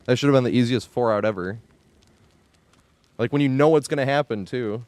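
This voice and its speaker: A male game streamer ranting in exasperation, swearing often and breaking into yells at the screen. His voice sits at an ordinary middle pitch. The sound is dry and close, with no room echo. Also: brisk. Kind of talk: live gameplay commentary.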